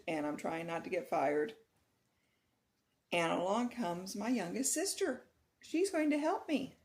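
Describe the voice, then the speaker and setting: Lower-pitched woman vlogger telling a story. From Texas. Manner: animated, laughing retelling of a nightmare. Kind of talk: casual vlog storytelling.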